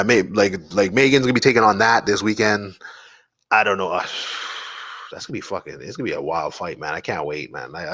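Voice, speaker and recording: Low-voiced, rambling podcast host. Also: male voice, a bit bright, dry recording. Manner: rambling, profane, lots of fillers like "like" and "man". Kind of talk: casual solo podcast chat.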